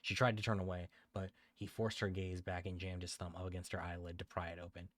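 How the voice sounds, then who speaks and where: Brief: low-voiced male streamer reading a story, dry sound, frequent self-corrections. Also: flat delivery, fast talker, hardly any pauses, dry recording.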